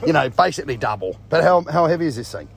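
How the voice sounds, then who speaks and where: A man's voice: on the high side, sing-song, fast, gravelly, slightly rough. A man, a vlogger and amateur racing driver, chatting casually and teasing a fellow driver with joking banter at an outdoor motorsport event. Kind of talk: casual chat and teasing interview. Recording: noisy outdoor recording.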